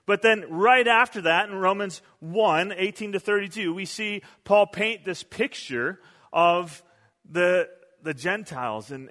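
Bright-voiced male pastor in a reverberant hall. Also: high voice. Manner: animated storyteller, often repeats words. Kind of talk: sermon.

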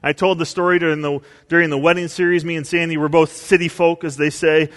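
A male pastor preaching a sermon, telling stories and acting out quotes with big swings in pitch and volume. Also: little pitch movement, quick pace, fairly bright tone, long reverb tail.

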